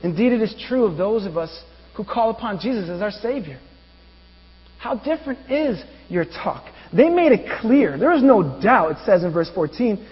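A man's voice: high voice, very animated, moderate pace, husky. Guy preaching in a church, lots of questions to the crowd, muffled recording with echo and a buzzing hum. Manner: rhetorical questions to the congregation. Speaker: pastor. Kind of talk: sermon. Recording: dull reverberant room with mains hum.

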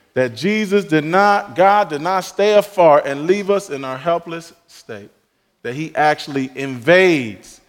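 A male pastor preaching a sermon emphatically, rising on key phrases and dropping to soft, quiet asides. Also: fairly high pitch, in a large hall.

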